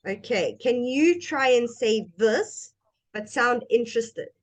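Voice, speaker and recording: This woman's voice sits a little high and sounds expressive. Tutoring a single student in English, she talks slowly and patiently, demonstrating how intonation should sound.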